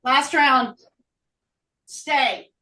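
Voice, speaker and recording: A woman teaching a live yoga class, out of breath, calling breath and pose cues with brisk energy. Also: high-pitched, bright, forceful tone. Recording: roomy echo, voice from a distance.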